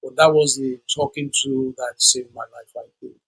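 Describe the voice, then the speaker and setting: A man's voice: medium pitch, moderate pace, slightly rough, rough recording. A man, telling stories as a guest in an interview and acting out the people he quotes. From Nigeria. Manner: animated storyteller who acts out the people he quotes. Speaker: guest musician. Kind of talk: storytelling interview.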